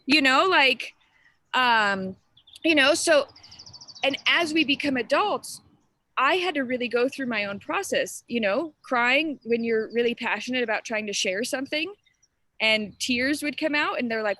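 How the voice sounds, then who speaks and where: A woman's voice: on the high side, expressive, normal speed, bright, forceful tone, no echo. A woman leading a live group coaching session, speaking earnestly and casually to participants, with plenty of fillers and direct questions. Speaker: spiritual transformation coach.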